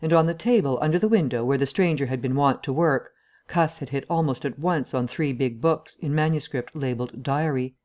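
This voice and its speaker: Low-pitched lady reading an old novel out loud, calm and measured. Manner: measured storytelling, shifts voice for each character. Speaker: audiobook narrator. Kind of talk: scripted narration.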